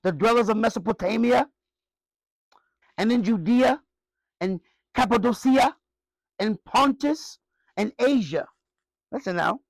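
A man pastor preaching a sermon, emphatic, with frequent questions to the congregation and sharp swings between loud high bursts and low quiet asides. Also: unhurried, creaky, long pauses, no room sound.

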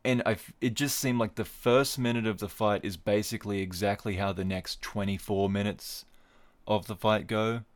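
A man's voice: fairly low pitch, fairly even intonation, moderate pace. A man hosting a casual solo podcast, recapping fights with wry, rambling asides. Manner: wry, digressive, jokey asides. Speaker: podcast host.

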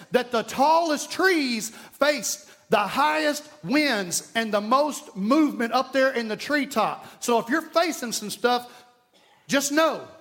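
A man's voice: extremely high pitch, a bit bright. A man with an East Texas accent preaching a sermon as pastor, emphatic and folksy, repeating key lines and telling jokes. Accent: Southern US, East Texas.

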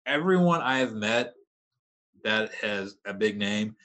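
A man's voice: on the low side, animated, takes it slowly, a bit bright. A man in his thirties, a podcast guest, telling stories in a rambling, laid-back way. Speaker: podcast guest, metal vocalist. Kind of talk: casual storytelling chat.

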